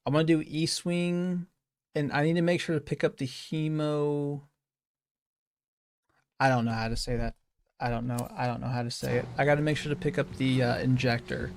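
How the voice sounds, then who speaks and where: Gravelly man thinking aloud over gameplay. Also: medium pitch, steady tone, normal speed, a little mellow, no echo, studio quality. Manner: thinking aloud, repeating phrases, self-correcting. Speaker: speedrunner streamer. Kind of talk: casual gameplay commentary.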